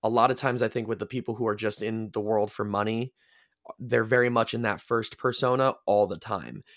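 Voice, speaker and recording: Low-voiced reflective man, very dry sound. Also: fairly even intonation, brisk, fairly bright tone, no echo. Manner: reflective, rambling, many restarts. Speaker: podcast guest. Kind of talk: casual podcast chat.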